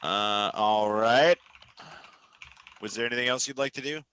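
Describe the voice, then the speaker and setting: Bright-toned male dungeon master. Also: medium pitch, clear, resonant tone, low-quality recording. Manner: easygoing, makes quick rulings. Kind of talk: running a tabletop game.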